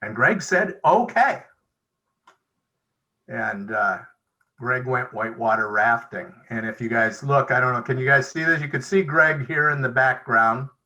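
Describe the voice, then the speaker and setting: A man's voice: medium pitch, normal speed, sharp tone, rough recording. A man sharing stories at a recovery meeting over a video call, chatty and acting out the dialogue he quotes. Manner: conversational, acts out quoted dialogue. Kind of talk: storytelling share.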